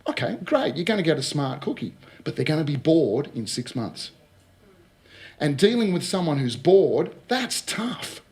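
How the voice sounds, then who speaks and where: A man's voice: fairly high pitch, moderate pace. A middle-aged man giving a casual talk on recruitment, telling anecdotes, acting out the dialogue and often checking in with his listeners. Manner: lively storyteller who acts out dialogue and keeps checking with "all right?". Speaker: speaker on recruitment.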